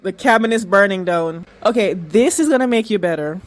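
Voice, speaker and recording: A woman's voice: medium pitch, expressive, fairly quick, hardly any pauses. A woman reviewing a TV episode in a casual reaction video, talking back at the screen emphatically, repeating herself and cursing freely. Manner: emphatic and repetitive, swears freely. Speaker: reaction vlogger.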